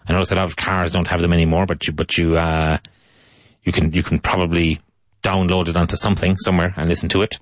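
A man with a very low voice leads an English lesson, saying each word and sentence more than once, slowly and clearly, so learners can repeat after him. The sound is close and dry, with no room around it. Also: little pitch movement, no echo. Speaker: English teacher. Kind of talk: language lesson with spoken drills.

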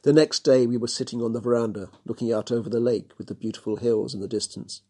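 A man narrating a storybook chapter in a steady, measured reading. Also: medium pitch.

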